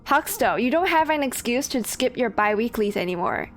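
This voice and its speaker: Speaking at normal speed in an expressive, fairly high voice, a young woman chats casually while streaming a game. She rambles, swears and laughs as she greets her viewers, and faint game music runs in the background.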